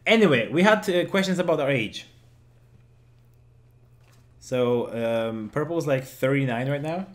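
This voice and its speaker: Animated and fairly high-pitched, this man speaks at a measured pace with long pauses. He's a podcast host and game streamer in his 20s from Germany, a native German speaker who jokes around, laughs a lot and swears casually on his gaming podcast.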